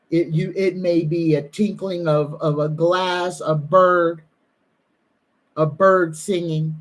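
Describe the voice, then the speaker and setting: A woman psychic medium giving an earnest, soothing live-stream reading, at times moved to the edge of tears. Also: fairly low pitch. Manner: slow, earnest, soothing, emotional. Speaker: psychic medium and tarot reader.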